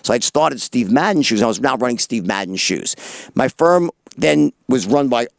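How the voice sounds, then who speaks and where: A middle-aged man telling stories as an interview guest, in an animated, profane and rapid manner. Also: mid-range voice, gravelly, no echo. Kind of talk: casual storytelling interview.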